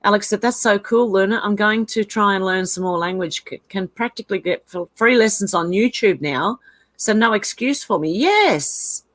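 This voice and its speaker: Hosting a laid-back livestream, an Australian woman reads her chat's messages aloud and reacts to them chattily, with frequent laughter. Her voice is medium-pitched and a bit bright, at a normal speed.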